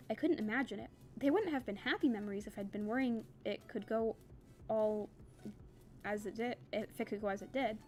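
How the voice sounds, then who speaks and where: A woman's voice: on the high side, a little mellow. Young woman reading a novel aloud. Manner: reads plainly, breaks off for chatty, laughing asides. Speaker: reader.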